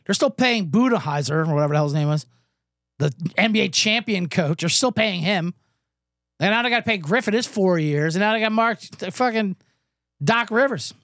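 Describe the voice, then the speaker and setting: A hoarse man hosting a comedic sports betting podcast, ranting in a sarcastic, profane way. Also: high-pitched, lively intonation, normal speed, a bit bright, no room sound, studio quality. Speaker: host.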